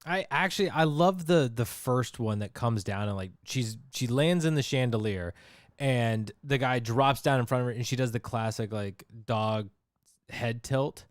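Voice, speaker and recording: A man co-hosting a casual movie discussion podcast, with an animated, chatty delivery broken up by laughs. His voice sits in a middle register. The recording is dry and close. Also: medium pitch, normal speed, dry recording. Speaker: podcast co-host.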